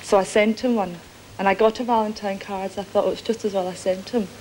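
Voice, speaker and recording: A woman's voice: mid-range voice, steady tone, quick pace, heavy background noise. A woman, a quiz show contestant who chats and tells a short story between answers. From Glasgow, Scotland. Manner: chatty, telling a short story with giggles. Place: television studio with audience.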